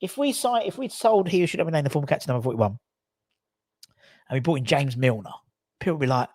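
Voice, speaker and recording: A man hosting a live football fan show, chatting casually, animated and sweary, reading viewer comments aloud. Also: mid-range voice, brisk, dry recording, clean studio sound. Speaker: fan channel host. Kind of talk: casual live matchday chat.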